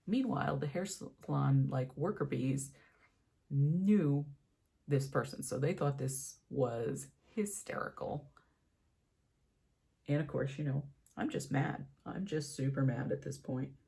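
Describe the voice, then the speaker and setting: A young woman tells a long personal story while she does her makeup on camera, and she slips into the voices of the people in it. Her voice is gravelly and husky, with a dark, mellow tone. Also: extremely low pitch, slow. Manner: animated storyteller, acts out quoted voices. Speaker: beauty vlogger.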